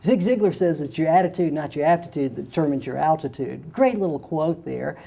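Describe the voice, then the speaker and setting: A man's voice: fairly high pitch, a little fast, vocal fry, mellow. A man, a sales trainer, giving an emphatic motivational talk that repeats key phrases and tells stories.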